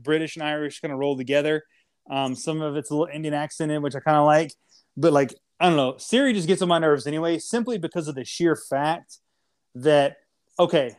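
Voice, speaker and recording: A man's voice: fairly high pitch, clear, resonant tone. A man co-hosting a casual podcast, ranting and joking with lots of swearing and mock insults. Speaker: podcast co-host.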